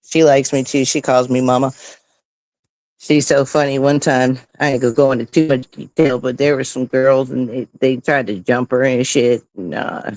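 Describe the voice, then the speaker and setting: Profane, animated middle-aged woman storyteller. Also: rumbling low, normal speed, no echo. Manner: profane, animated, keeps asking "right?". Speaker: streamer. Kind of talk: casual storytelling to viewers. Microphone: close streaming mic.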